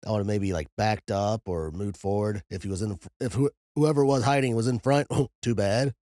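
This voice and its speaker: Low, mellow man co-hosting a podcast. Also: brisk, no echo, studio quality. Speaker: podcast co-host. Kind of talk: casual podcast chat.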